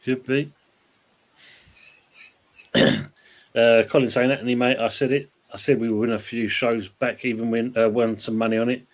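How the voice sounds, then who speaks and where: A man's voice: mid-range voice, steady tone, normal speed, long pauses. A man hosting a casual football chat show, reading viewer comments aloud in a laid-back way. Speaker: podcast host reading live chat.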